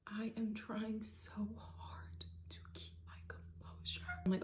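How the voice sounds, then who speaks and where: A young woman telling a storytime vlog, dramatic and fast, dropping into hushed asides. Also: medium pitch, flat delivery, whispered. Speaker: vlogger. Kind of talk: storytime narration.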